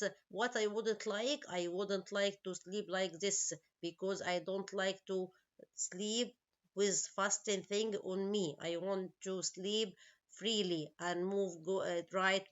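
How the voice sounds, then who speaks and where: A woman teaching English at an easy, patient pace, checking understanding with repeated questions. Her English is non-native, with small grammar slips and an Arabic-speaking background. The recording sounds a little dull and lo-fi. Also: medium pitch. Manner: slow, explains each word and asks questions. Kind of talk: online English lesson.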